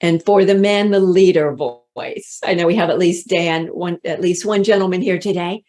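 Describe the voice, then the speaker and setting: A voice coach gives a motivational talk on leadership, her voice on the low side and mellow. She speaks slowly and deliberately, drawing out emphatic words.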